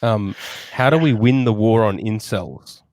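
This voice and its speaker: Crude, low-voiced middle-aged man. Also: measured pace, a little mellow, no echo. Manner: crude, profane, laughs often. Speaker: podcast co-host. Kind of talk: casual podcast chat.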